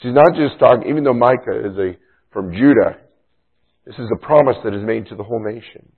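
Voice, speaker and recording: Over tinny, phone-like audio, a man delivers a sermon as pastor. His medium-pitched voice runs a little fast with a breathy edge, and he unpacks a passage in an emphatic, instructive way.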